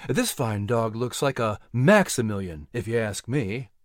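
An audiobook narrator voicing a courteous colonial courier who speaks in a sly, leisurely, gentlemanly way. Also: medium pitch, very animated, unhurried, no echo, clean studio sound. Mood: genial. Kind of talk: audiobook character voice.

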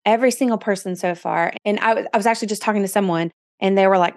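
A woman's voice: medium pitch, fast talker, a little mellow, no room sound, studio quality. A woman hosting a podcast, talking in an earnest, reflective and encouraging way. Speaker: podcast host. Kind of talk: casual podcast interview.

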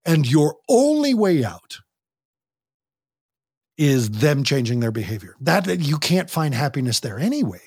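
A man's voice: a little high, big pitch swings, unhurried, darkish tone, breathy edge, no echo, clean studio sound. A man guest on a podcast interview, talking animatedly and acting out parents and teens in quoted voices. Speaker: guest, youth program director.

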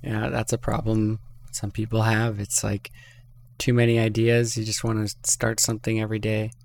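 A man's voice: fairly low pitch, monotone, moderate pace, creaky, darkish tone, slight background noise. A man with a Canadian accent hosting a casual interview, laid-back with short reactions. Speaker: interview host.

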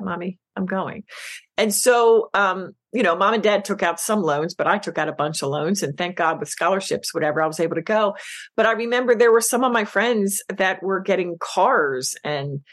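A middle-aged woman, a business coach, telling her story as a podcast guest, emotional and animated, acting out quoted lines. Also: medium pitch. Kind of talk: casual interview chat.

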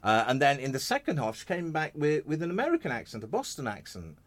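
A man's voice: on the high side, quick pace. A man hosting a hospital radio show, chatting casually and joking with his guests in the studio. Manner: chatty, jokey, lively. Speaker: radio host.

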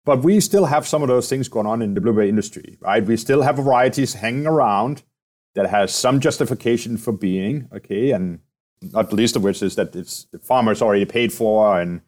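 In a conversational interview, a man speaking as a company president explains things at length, frequently closing his points with tag questions like "right?" or "okay?". His voice is lowish and darkish in tone, and he talks a little fast.

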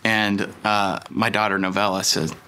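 A male pastor preaching a sermon in a conversational, storytelling way, with lively asides to the congregation. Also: lowish voice, moderate pace.

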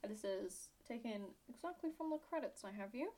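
A young British woman co-hosts a podcast, her British accent drifting toward Australian as she chats in a casual, sarcastic, giggly way. Her voice is on the high side, expressive, mellow, and fairly quick.

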